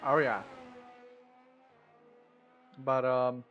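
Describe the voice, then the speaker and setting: A man co-commentating a live sim racing session, easygoing and quick to react, with plenty of fillers. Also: medium pitch, fairly even intonation, lo-fi sound, a little hiss or hum.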